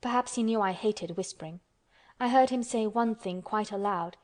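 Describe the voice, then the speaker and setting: A woman's voice: mid-range voice, moderate pace, darkish tone, close to an everyday voice. A woman voicing a sickly, spoiled young boy who asks petulant, anxious questions. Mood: brooding.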